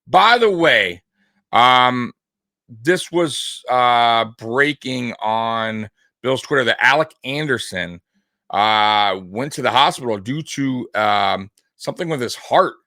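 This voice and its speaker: A man hosts a sports video and chats loosely over highlight clips, restarting his sentences often. His voice is bright and forceful. The recording is dry and close. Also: lively intonation, slow, no echo. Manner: rambling, many fillers and restarts.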